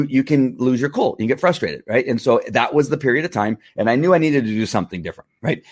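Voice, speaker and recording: A middle-aged man talking casually to camera in a testimonial vlog, animated and full of restarts and fillers. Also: mid-range voice. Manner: animated, acts out angry outbursts, many fillers and restarts. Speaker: vlogger selling wellness products.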